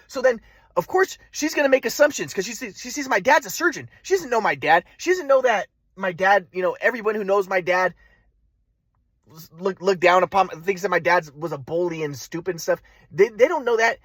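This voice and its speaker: A man's voice: high voice, lively intonation, brisk, fairly bright tone, dry recording. A man telling a personal story in a rambling, agitated, profane monologue. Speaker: vlogger.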